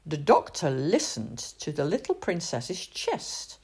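A woman reading a children's storybook aloud in an expressive, sing-song way. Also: low voice, unhurried, husky.

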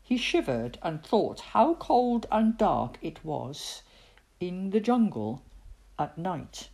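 Woman storyteller, low breathy voice, wildly expressive, children's book read-aloud. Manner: expressive, dramatic pauses.

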